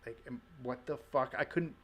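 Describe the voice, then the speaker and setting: A man's voice: mid-range voice, moderate pace, crowd noise. Swearing, rambling podcast host man. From Canada. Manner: loose, swearing, storytelling with lots of fillers. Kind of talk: casual chat.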